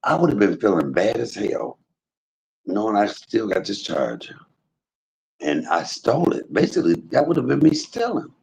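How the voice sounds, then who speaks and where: A man's voice: fairly low pitch, sing-song, normal speed, vocal fry, darkish tone, husky, low-quality recording. A man streaming live to his viewers, telling a story in an emphatic, preachy way, full of religious exclamations. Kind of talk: casual spoken testimony to a live chat.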